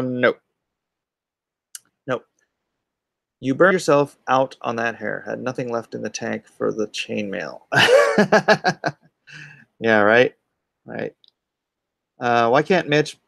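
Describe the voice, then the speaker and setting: A man's voice: medium pitch, creaky, no echo. A comic artist hosting a casual livestream, reading viewer chat aloud and answering offhandedly while muttering asides about his setup.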